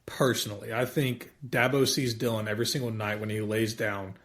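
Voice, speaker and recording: A man's voice: on the low side, level tone, brisk, a bit bright. A man co-hosting a podcast who teases his friends in casual banter. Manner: teasing, banter. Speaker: podcast co-host. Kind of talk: casual chat.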